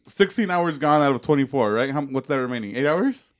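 A man's voice: mid-range voice, lively intonation, fairly quick. A man hosting a podcast in casual chat, joking and swearing with rhetorical questions. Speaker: podcast host.

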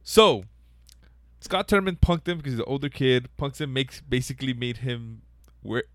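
A man's voice: medium pitch, normal speed, dry recording, clean studio sound. A man chatting casually, swearing often and laughing as he tells stories with energy. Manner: profane, laughing, excitable storytelling. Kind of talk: casual chat.

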